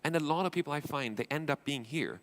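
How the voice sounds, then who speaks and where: Male entrepreneur, gravelly, blunt, casual onstage speaker. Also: fairly high pitch, fast, fairly bright tone. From Sweden. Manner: blunt, informal, acts out dialogues, swears. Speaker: entrepreneur and angel investor. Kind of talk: conference stage talk. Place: conference stage.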